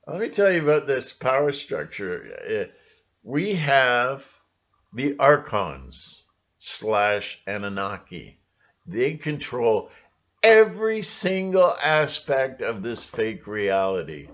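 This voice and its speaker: A man's voice: mid-range voice, very animated, slow pace, a bit bright, lo-fi sound. A man vlogging in a rambling, sarcastic casual monologue full of fillers.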